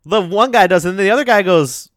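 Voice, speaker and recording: Lively high-voiced man, dry close sound. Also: fairly quick, dry recording. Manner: excitable, laughs easily, loose slang. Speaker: podcast co-host. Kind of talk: casual chat.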